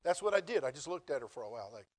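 Male pastor, middle-aged, from the US; folksy storyteller, lively and comic, pitch a touch high. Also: rapid-fire. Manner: folksy, humorous, animated storytelling. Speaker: preacher and Bible college teacher. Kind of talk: storytelling sermon.

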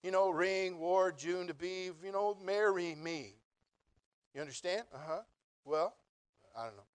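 A middle-aged man preaching a sermon, telling a funny personal story in a folksy, animated way. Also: high voice, a little slow, clean tone. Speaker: preacher and Bible college teacher.

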